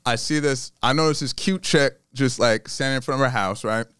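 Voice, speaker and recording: A man, a stand-up comedian guest, telling a story in casual chat, profane and animated, laughing often. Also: mid-range voice, a little fast, clean tone, dry recording, clean studio sound. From New York.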